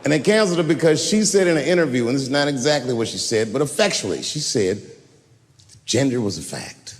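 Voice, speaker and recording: Guy doing stand-up, voice swings all over, yells the punchlines, long hall reverb and faint hiss. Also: quick pace. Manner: animated, jumps to high shouts for punchlines. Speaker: stand-up comedian. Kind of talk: live stand-up storytelling.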